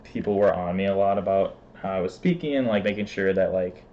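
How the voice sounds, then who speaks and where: Lower-voiced man chatting casually. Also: brisk, a little hiss or hum. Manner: fillers like "like", relaxed with light laughs. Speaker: guest. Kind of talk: casual chat. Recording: dull lo-fi stream audio.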